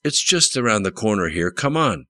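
A man voicing a sweet, shy young female motel clerk with a soft Mississippi drawl. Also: lowish voice, big pitch swings, normal speed, no echo, voice pushed up. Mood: sweet, polite. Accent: Mississippi Southern drawl. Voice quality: soft, gentle. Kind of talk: audiobook character voice.

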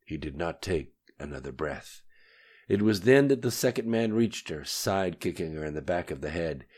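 Deep-voiced guy reading an audiobook, steady and even. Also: moderate pace, slightly rough. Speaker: audiobook narrator. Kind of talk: scripted narration.

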